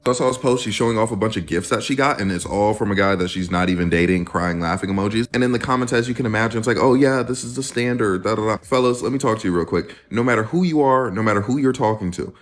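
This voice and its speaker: A man's voice: on the low side, fast talker, hardly any pauses. A man giving mocking casual commentary to camera and addressing the audience directly. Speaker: social media commentator.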